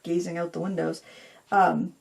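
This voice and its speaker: A woman's voice: on the low side, flat delivery, normal speed, gravelly, a little hiss or hum. A middle-aged woman hosting a painting tutorial, rambling in a self-deprecating way as she talks to viewers while she works. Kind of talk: casual chatty painting tutorial.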